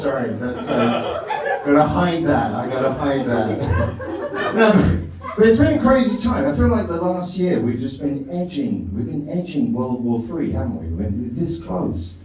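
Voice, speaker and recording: Middle-aged comic in an echoey club. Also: male voice, medium pitch, animated, unhurried. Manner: rambling self-mocking with frequent laughs and filler. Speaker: stand-up comedian. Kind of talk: stand-up comedy set. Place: comedy club stage. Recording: echoey club from far off with crowd.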